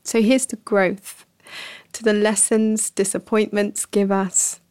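A woman hosting a reflective podcast, speaking softly and slowly, dropping to a whisper at times and laughing at herself. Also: mid-range voice, flat delivery, smooth, dry recording. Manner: soft and slow, sometimes whispering, laughs at herself. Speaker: podcast host. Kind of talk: gentle reflective podcast talk.

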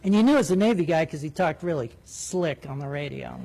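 Animated storytelling male pilot. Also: fairly high pitch, fairly quick, vocal fry, hardly any pauses, slight background noise. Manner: animated, acts out radio calls. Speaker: military jet pilot. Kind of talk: spoken storytelling.

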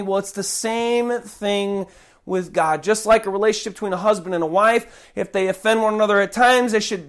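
A man's voice: sits high, fairly bright tone. A man preaching a sermon with an impassioned, conversational delivery and folksy asides, sometimes acting out prayers and other voices.

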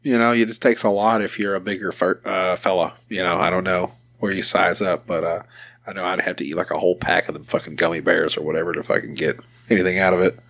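A man hosting a podcast, talking in an easygoing, profane way. His voice sits a bit low and has a gravelly, fry-edged texture. He laughs easily between remarks. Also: little pitch movement, fast talker, fairly bright tone. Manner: laid-back, swears freely, laughs often. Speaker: podcast host. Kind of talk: casual chat.

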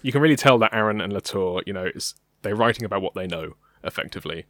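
Low-voiced young British man, casual chat. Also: fast, dry recording, clean studio sound. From Britain. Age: young adult. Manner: relaxed, hesitant with many ums. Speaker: podcast co-host.

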